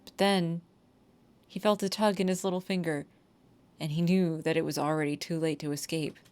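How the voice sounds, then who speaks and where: A woman's voice: sits low, steady tone, normal speed, a little mellow, clear, resonant tone. A woman with a New York accent, streaming a game, reading its text aloud and reacting emotionally, swearing freely.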